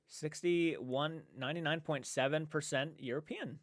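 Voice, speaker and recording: A man's voice: fairly high pitch, animated, normal speed, a bit bright, no echo, clean studio sound. A man livestreaming from home, chatting casually and rambling, repeating himself and reading chat aloud. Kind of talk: casual live-stream chat.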